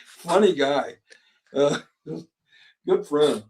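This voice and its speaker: A man's voice: on the high side, lively intonation, darkish tone, distant mic. Rambling storyteller in his seventies, off-mic. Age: 70s. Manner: rambling, halting, chuckling storyteller. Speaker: guest, war veteran. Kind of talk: storytelling interview.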